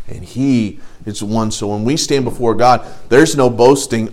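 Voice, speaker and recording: A man teaching an adult Bible study, lively and animated, often acting out quoted voices. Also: normal speed, few pauses. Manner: animated, acts out quoted voices with rising pitch.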